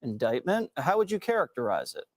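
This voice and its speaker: A man reading news narration as anchor, brisk and matter-of-fact. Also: medium pitch, wildly swooping pitch.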